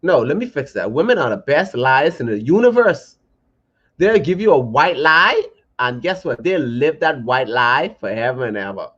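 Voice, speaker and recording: A man co-hosting a podcast in casual, playful banter, animated and mock-indignant. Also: medium pitch, moderate pace, breathy edge. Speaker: podcast co-host. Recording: dull lo-fi podcast audio.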